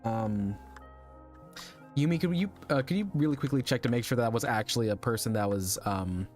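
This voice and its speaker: Talking fast in a mid-range voice, a young adult male VTuber chats casually with viewers during a live game stream, with faint music behind him. He rambles and laughs often, and his voice sounds a little strained.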